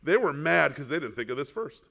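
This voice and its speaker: This sermon comes from a male pastor whose gravelly voice is on the high side and fairly quick. Animated throughout, he puts rhetorical questions to the congregation and performs the roles of biblical characters.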